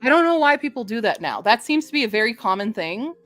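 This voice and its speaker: A woman hosting a casual book stream, chatty and quick to laugh, reading book synopses aloud. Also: on the high side, big pitch swings, fairly bright tone. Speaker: book reviewer host.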